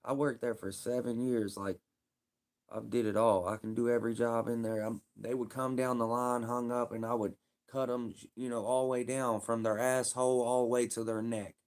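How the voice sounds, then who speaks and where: A man's voice: mid-range voice, flat delivery, normal speed, darkish tone. A man telling stories on a livestream in blunt, profane, laid-back street talk. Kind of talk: casual storytelling on a livestream.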